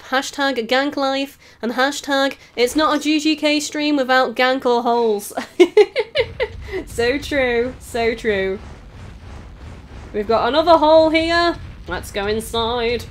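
A woman's voice: sits high, slow. A young English woman with a mixed Scouse, Welsh and English accent, giggling and chatting through live game commentary while reading viewer messages. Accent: mix of Scouse, Welsh and English. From England. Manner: chatty, giggly, reads chat aloud. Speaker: gaming streamer. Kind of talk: live let's-play commentary. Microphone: desk microphone.

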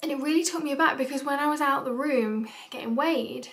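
A woman's voice: high voice, fairly quick, fairly bright tone. A young British woman vlogging in a rambling, casual, confessional way, tearful and emotional. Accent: British English. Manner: chatty, rambling with fillers and asides.

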